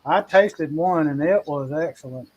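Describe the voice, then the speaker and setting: A man co-hosting a cooking show, talking in a folksy, relaxed way with plenty of fillers. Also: fairly high pitch, a little slow, rough recording. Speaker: co-host cook. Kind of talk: casual chat.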